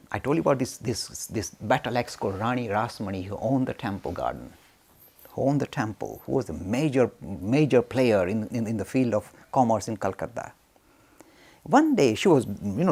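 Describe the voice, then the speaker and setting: A man telling a spiritual story as a lecture. He talks in an animated way, waving his arms, and asks himself questions that he then answers. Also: medium pitch, slightly rough. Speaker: spiritual teacher.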